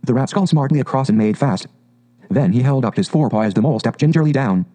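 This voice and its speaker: A man reading a storybook aloud in a calm, measured, expressive way. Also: medium pitch. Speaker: audiobook narrator. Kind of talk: scripted storybook narration.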